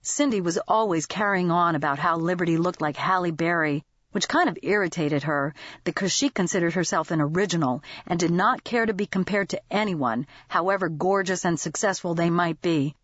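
A woman narrating a novel as an audiobook in a lively, expressive manner. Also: lowish voice, brisk, no room sound, muffled recording.

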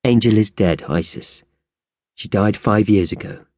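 A man voicing a reserved mother who speaks in careful, measured words. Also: fairly low pitch, a little mellow, no room sound. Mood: guarded. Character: guarded mother, calm and reserved.

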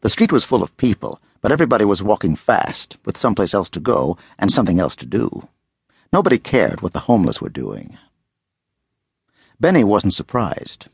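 A male audiobook narrator tells a gritty thriller with expressive, dramatic delivery. His voice is gravelly and husky, and it swoops through a wide range. The recording is dry and close. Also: on the low side, no echo.

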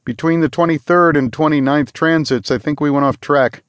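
A gloomy spacer navigator who mutters every doubt under his breath, as a man puts him on. The pitch sits a touch higher than the narrator's own, with an odd, altered color. Close, dry audiobook sound. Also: steady tone, moderate pace, no room sound, close to an everyday voice. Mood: doubtful. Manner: muttering, pessimistic.

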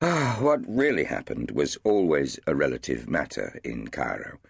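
A male narrator reading a novel aloud with wry, measured delivery. His voice is slightly husky and moves through a very wide melodic range. The recording is close and dry, like a studio booth. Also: a bass voice, huge pitch swings, no echo. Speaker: audiobook narrator. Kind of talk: scripted narration. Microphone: studio microphone.

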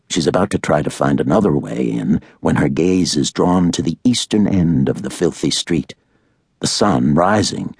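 A man narrating a thriller audiobook in a measured, dramatic way. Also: extremely low pitch, a little mellow, breathy edge, no room sound, studio quality.

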